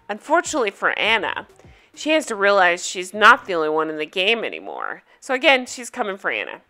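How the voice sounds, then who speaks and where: A woman's voice: medium pitch, wildly swooping pitch, a little fast, bright, forceful tone, faint music behind. A woman hosting a casual TV recap video, talking bluntly and emphatically and swearing freely. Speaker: reality TV recap host.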